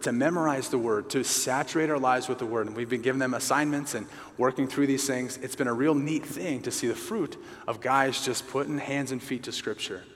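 Earnest man preaching in a reverberant hall. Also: mid-range voice. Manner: earnest, conversational preaching with emphatic repetition. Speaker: pastor at a men's gathering. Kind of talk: sermon.

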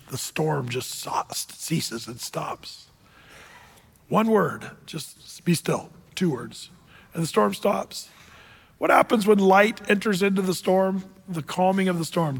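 A male pastor preaching a sermon in a church, telling stories dramatically and dropping from loud to hushed. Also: high voice, gravelly. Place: church sanctuary with congregation. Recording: long reverb in a large hall.

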